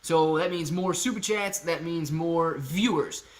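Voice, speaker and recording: A man's voice: a little high, a little slow. A man hosting a casual live stream about stocks, reading out viewer comments and chatting in an upbeat way.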